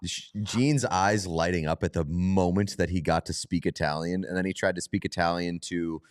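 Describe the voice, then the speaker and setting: A man's voice: deep voice, steady tone, normal speed, clear, resonant tone, no echo, clean studio sound. A man co-hosting a sports podcast in casual chat, rambling and laughing at his own bits. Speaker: podcast co-host.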